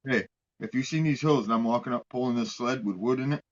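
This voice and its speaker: A man's voice: medium pitch, fast, lo-fi sound. A man chatting casually as a stream guest, laid-back, calling the host "dude.". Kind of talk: casual chat.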